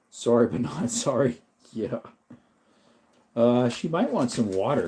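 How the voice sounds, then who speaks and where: A man hosts a relaxed livestream, rambling as he answers viewers in the chat. His voice sits at a middle pitch. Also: unhurried, pauses often. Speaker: livestream host.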